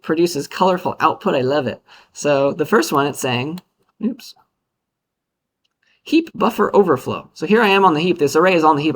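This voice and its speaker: A male university lecturer giving a casual, upbeat classroom lecture with playful asides. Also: fairly high pitch.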